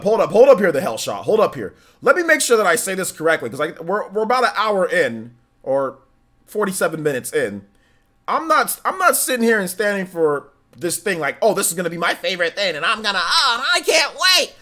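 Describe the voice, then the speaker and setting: A man's voice: medium pitch, fairly bright tone. A young adult man hosting a live-stream Q&A in casual chat, rambling and talking to his chat. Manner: rambling, restarts, talks to chat.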